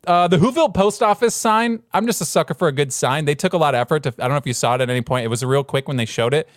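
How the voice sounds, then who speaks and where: A man's voice: on the high side, rapid-fire, dry recording, studio quality. A man co-hosting a podcast about movies, chatting casually and acting out other people in put-on voices. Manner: animated, acts out people in put-on voices, laughs often. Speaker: podcast co-host. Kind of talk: casual chat.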